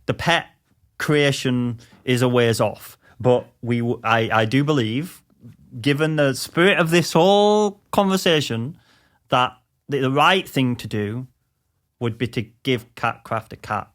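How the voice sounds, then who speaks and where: A man's voice: medium pitch, measured pace, a bit bright. Teasing man on a podcast. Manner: teasing, rambling with many restarts. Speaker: podcast co-host. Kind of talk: casual podcast chat.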